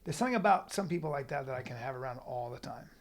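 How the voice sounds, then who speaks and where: A man in his thirties co-hosting a podcast, loud and laughing, repeating his lines in casual banter. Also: mid-range voice, animated, racing. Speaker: podcast co-host.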